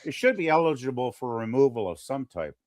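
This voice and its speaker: In a dry, studio-quality recording, a man with a medium-pitched, sing-song voice talks fairly quickly. He's co-hosting a podcast in casual chat, rambling along with plenty of fillers and restarts.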